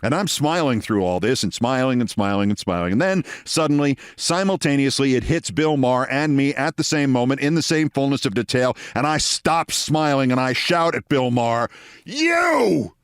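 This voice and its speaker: A man's voice: medium pitch, brisk, hardly any pauses, smooth, no echo, studio quality. A man hosting a show, telling a long personal anecdote and acting out the voices of the people in it. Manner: animated anecdote with acted quotes. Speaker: host. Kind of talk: storytelling monologue.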